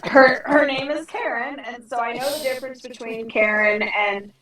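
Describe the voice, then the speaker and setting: A middle-aged woman, a podcast guest, telling a personal story in a lively, frank way and acting out the dialogue. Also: on the high side, moderate pace, echoey room, recorded from a distance, a crowd in the background, poor audio. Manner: animated, acts out dialogue with frank language. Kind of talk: conversational storytelling.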